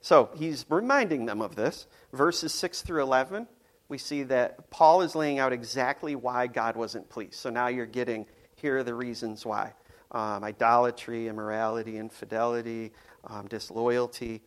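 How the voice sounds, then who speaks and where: Chatty pastor, loose sermon delivery. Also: male voice, mid-range voice, normal speed. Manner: conversational, playful, frequent ums and restarts.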